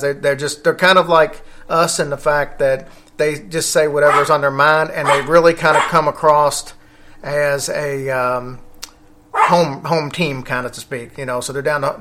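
Guy hosting a chatty podcast, bright kinda high voice, lots of uh and restarts. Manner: rambling, with fillers and self-corrections. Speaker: podcast host. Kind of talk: casual podcast chat.

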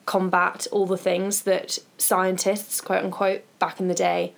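A woman's voice: lowish voice, flat delivery, unhurried, vocal fry. A woman co-hosting a podcast, chatting casually and recommending books and podcasts in a conversational, thinking-aloud way. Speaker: podcast co-host.

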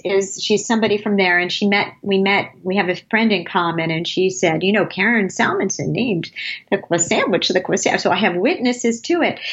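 A husky, medium-pitched woman's voice, a bit bright, comes through a lo-fi recording. She is a late-fifties advertising creative guesting on an interview, full of rambling anecdotes and laughter.

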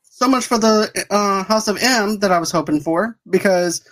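A woman co-hosting a casual podcast, talking with excited fan enthusiasm. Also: mid-range voice, normal speed, low-quality recording. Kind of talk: casual chat.

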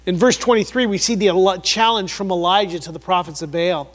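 High-voiced preacher in an echoing hall. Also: male voice, brisk. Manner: emphatic, repeats words for emphasis, swings between loud and hushed. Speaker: pastor. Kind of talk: sermon.

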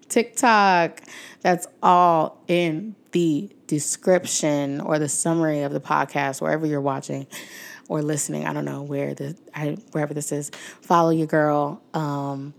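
A woman's voice: sits low, creaky. A young woman hosting her own podcast, talking casually and emotionally to her listeners, with many fillers and frequent thanks. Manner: warm-hearted, emotional, many fillers, talks to listeners as y'all. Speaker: podcast host. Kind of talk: casual heartfelt podcast outro.

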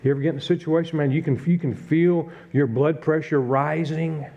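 A man's voice: on the high side, steady tone, fairly quick, warm tone, lo-fi sound. A middle-aged male pastor preaching a conversational sermon, telling a self-deprecating story and acting out his own frustration.

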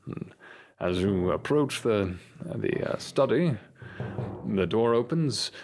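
Male game master, low voice with lively pitch, halting delivery, faint music behind. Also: creaky. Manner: halting, with many fillers. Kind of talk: narrating a tabletop game.

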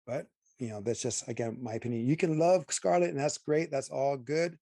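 This podcast co-host has a gravelly, medium-pitched voice and talks fairly quickly, captured at studio quality with no echo. During a casual movie review chat he's emphatic and opinionated, venting gripes with animated asides.

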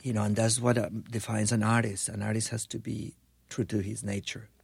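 A man's voice: on the low side, flat delivery, brisk, gravelly, breathy edge, no room sound. A man who is a guest on a podcast, musing thoughtfully and circling back to his point. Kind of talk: casual reflective chat.

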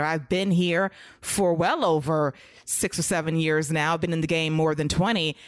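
A woman co-hosting a podcast, giving a casual wrestling recap and acting out promos with lively energy. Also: lowish voice, dry recording, clean studio sound. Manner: animated, acts out wrestler promos. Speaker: podcast co-host.

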